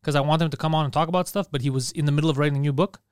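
A young man talks quickly and animatedly in a casual podcast chat, laughing as he tells stories. His voice sits a little high and sounds smooth. It is recorded dry and close to the mic. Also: no echo. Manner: animated storytelling, laughs often. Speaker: podcast co-host.

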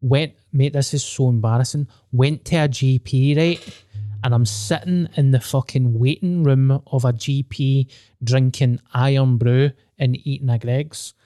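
A man's voice: medium pitch, fairly even intonation, unhurried, mellow, no room sound. A young Scottish man hosting a casual podcast chat, candid, joking and swearing freely. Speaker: podcast host.

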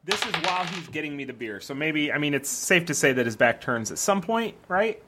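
A man joins a tabletop game in an animated way. His voice sits a little high and swings widely in pitch. He often restarts his sentences. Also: fairly quick, noisy background. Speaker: player.

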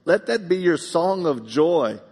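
A man preaches live in a church sanctuary, his voice husky and edged with gravelly fry. He tells personal stories heartfelt, swinging from loud emphatic bursts down to hushed confiding tones. A long hall reverb trails behind every phrase. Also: fairly high pitch, expressive, unhurried. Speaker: pastor. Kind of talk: live sermon with personal storytelling.

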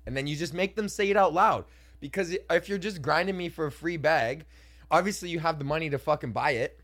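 A young man from Canada rants through a solo podcast with a slightly high voice. He swears constantly, laughs at his own stories and slips into put-on voices for the people he describes. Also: a little fast, fairly bright tone. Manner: profane, laughing, acts out customers in voices. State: hiccuping. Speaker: podcast host and comedian. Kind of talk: casual solo podcast rant.

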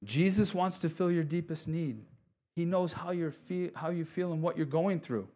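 Middle-aged pastor, man, casual joking sermon delivery, slightly high pitch. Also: moderate pace, a little mellow. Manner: casual, joking preacher with asides and voiced quotes. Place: church sanctuary.

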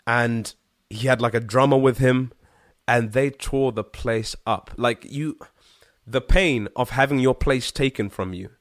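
A man from Zimbabwe, a guest singer-songwriter, telling a story in casual chat, animated and slangy, with frequent swearing and fillers. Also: mid-range voice, measured pace, no room sound, studio quality.

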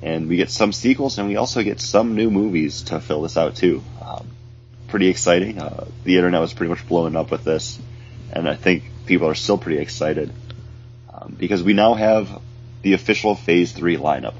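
A man with a stuffed-up nose, hosting a podcast in a relaxed, chatty way. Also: low voice, fairly quick. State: stuffed up, congested. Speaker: podcast host. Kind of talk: casual chat. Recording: dull lo-fi sound, faint hum.

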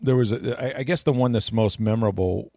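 A man's voice: fairly low pitch, fast talker, creaky, warm tone, no echo, studio quality. A man talking football as a guest analyst in casual radio chat, rambling with many fillers and restarts.

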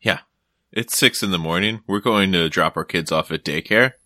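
A man's voice: low-pitched, moderate pace, pushed and bright, no room sound, studio quality. A man co-hosting a podcast in casual chat, joking and rambling into silly stories. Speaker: podcast co-host.

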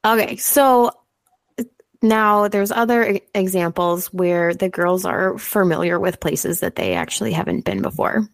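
A woman co-hosting a podcast, telling a story in a casual, sweary, animated way. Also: medium pitch, moderate pace, creaky, no echo. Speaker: podcast co-host.

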